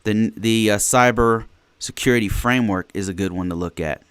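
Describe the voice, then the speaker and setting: A man's voice: on the low side, normal speed, a bit bright, clear, resonant tone. Casual man hosting a live podcast. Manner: informal, restarts sentences, asks "right?". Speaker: podcast host. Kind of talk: live-streamed casual talk, reading viewer questions.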